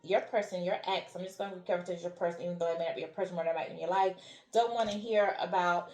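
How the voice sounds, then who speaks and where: A woman's voice: lowish voice, steady tone, very fast, darkish tone, roomy sound. A woman giving a spiritual tarot reading who keeps checking in with "all right?" and "okay?". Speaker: tarot reader.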